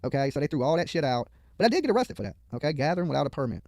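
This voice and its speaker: A man's voice: a little high, big pitch swings, racing, a little mellow, no echo. A man giving profane, mocking live commentary on a video from a studio, heckling the people on screen and rambling into stories.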